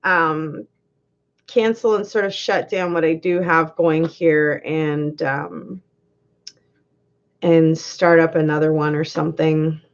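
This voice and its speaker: A woman's voice: low-pitched, steady tone, takes it slowly, dull audio. A woman hosting a live stream, chatting casually, giggling and reading viewers' comments aloud.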